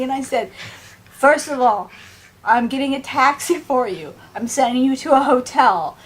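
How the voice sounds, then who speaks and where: A woman's voice: sits high, expressive, normal speed, slight background noise. A woman vlogging at home, telling a story animatedly and acting out the people in it with raised voices. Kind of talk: casual storytelling to camera. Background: dog at home.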